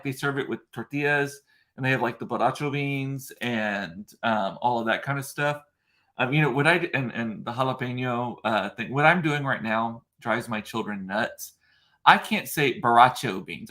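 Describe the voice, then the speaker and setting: In this casual live-stream chat, a male vlogger from South Texas speaks in a mid-range voice with a sharp edge. His talk wanders, packed with fillers and restarts, and he breaks off to reply to viewer comments.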